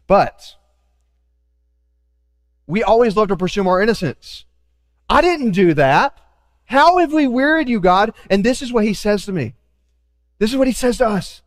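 A man preaching a sermon as pastor, animated, acting out quoted voices with joking asides. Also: sits high, in a large hall.

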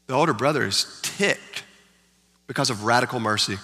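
A man's voice: mid-range voice, normal speed, sharp tone. A man preaching a sermon as pastor, emphatic, repeating key lines for effect. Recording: long hall reverb.

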